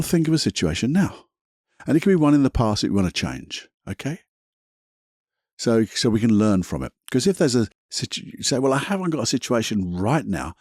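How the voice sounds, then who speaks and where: A man, a podcast host talking calmly through a guided visualization to ease anxiety. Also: medium pitch, husky, dry recording, studio quality. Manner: calm, soothing, slows into gentle guidance.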